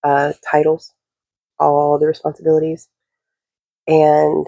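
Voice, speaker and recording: A woman's voice: low-pitched, measured pace, vocal fry, warm tone, no room sound, muffled recording. A woman giving a casual spoken reading to camera, rambling with lots of fillers and the odd swear word.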